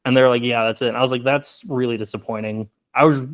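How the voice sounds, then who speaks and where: A man's voice: medium pitch, fairly even intonation, brisk. Rambling young man, filler-heavy. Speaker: filmmaker guest. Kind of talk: casual interview chat.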